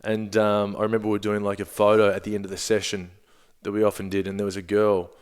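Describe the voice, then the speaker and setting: A man in his thirties with an Australian accent tells long, meandering anecdotes, full of "like" and "um". His voice sits on the lower side, and his delivery is easygoing and casual. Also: completely flat delivery, fast, clean tone. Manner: laid-back, rambling anecdotes with filler words. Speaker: comedian guest. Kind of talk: casual storytelling chat.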